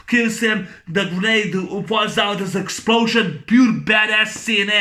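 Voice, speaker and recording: A man recapping an action movie in a casual, excited way, making gunshot sounds with his voice and talking haltingly with many fillers. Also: sits high. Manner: halting, full of fillers and restarts. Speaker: movie reviewer.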